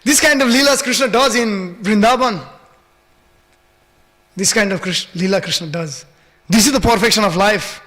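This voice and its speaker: A man's voice: high-pitched, normal speed, pauses often, sharp tone. A man giving a devotional scripture class in a temple hall, telling stories with many fillers and acting out the voices.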